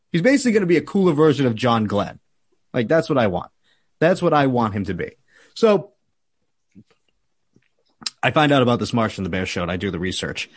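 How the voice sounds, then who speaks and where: A man hosting a podcast, telling a profane, animated story in casual chat. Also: medium pitch. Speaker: podcast host.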